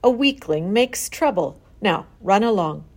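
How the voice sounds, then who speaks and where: A woman reading a gentle farmer father. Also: medium pitch, a little slow. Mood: gentle, firm. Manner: calm and gentle. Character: gentle firm farmer father, middle-aged. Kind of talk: storybook read-aloud.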